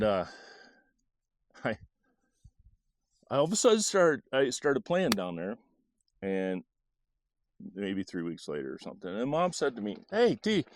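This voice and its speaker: A middle-aged man tells a story from his own childhood, his pitch rising and falling in a lively, animated sweep. He recalls it haltingly, restarting phrases often, and the recording is dry and close, with no room sound. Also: dry recording. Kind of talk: personal storytelling.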